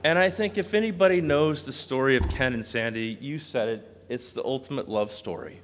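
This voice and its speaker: A man giving a memorial speech, telling animated anecdotes and mimicking voices. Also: medium pitch, moderate pace, slight background noise. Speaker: eulogy speaker. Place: large hall. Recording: long hall reverb.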